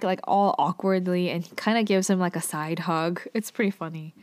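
A woman giving a casual, chatty recap of a TV drama episode, sprinkling her talk with "like" and fillers. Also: lowish voice. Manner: chatty, heavy use of "like" and filler.

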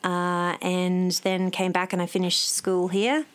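Chatty Australian woman, low voice. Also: monotone, clean tone. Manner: chatty, laughs often, fast storytelling. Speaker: guest. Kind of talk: casual interview chat.

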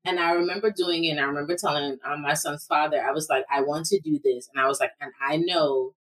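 A woman's voice: sits low, steady tone, fast. A woman in her thirties co-hosting a casual podcast chat, telling stories with quoted asides. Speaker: podcast co-host.

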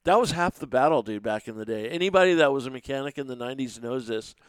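A middle-aged man casually telling animated, profane stories in a podcast chat, sometimes shouting. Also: mid-range voice, fast talker, clean tone, no echo. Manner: animated, swears freely, shouts when acting out others.

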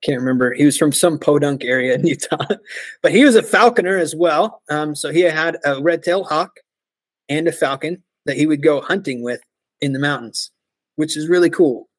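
A fairly high-voiced American man in his forties tells stories to a podcast host. He talks in an animated way, laughs often and slips into voices of other people. His voice is close and dry, with no room sound. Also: normal speed, no echo. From United States. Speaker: podcast guest. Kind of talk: casual storytelling interview.

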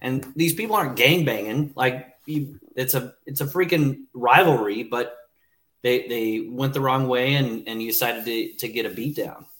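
A man's voice: mid-range voice, moderate pace, fairly bright tone. A man co-hosting a podcast in easygoing, casual chat, chiming in with short reactions and jokes.

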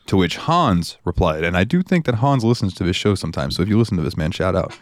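A man from the United States co-hosting a podcast, talking in a casual, profane and animated way. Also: sits low, quick pace, few pauses, no echo, clean studio sound. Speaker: podcast co-host. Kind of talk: casual chat.

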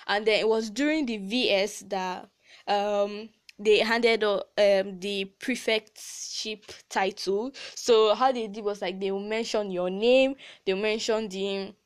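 A woman's voice: mid-range voice, steady tone, takes it slowly, clear, resonant tone. A teenage girl with a Nigerian accent hosting a casual chat podcast, talking in a chatty, heartfelt way with many "like" fillers. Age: teens. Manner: chatty and emotional, frequent "like" fillers and laughs. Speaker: podcast host.

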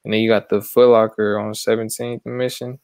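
A young man from San Francisco reminiscing in a relaxed, casual chat. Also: fairly low pitch, brisk, smooth, dry recording.

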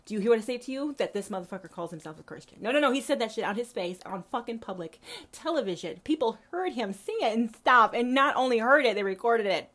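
A woman hosting a podcast, delivering a profane, impassioned monologue straight to her listeners, repeating herself for emphasis and swinging between quiet and loud. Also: medium pitch. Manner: profane, fiery ranting with big swings in volume. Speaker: podcast host.

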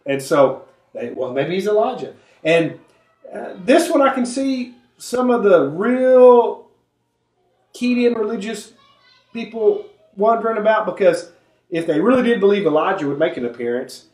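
A man leading a conversational Bible study, animated and acting out the voices he quotes. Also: high voice, unhurried, roomy sound, distant mic. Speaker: Bible teacher.

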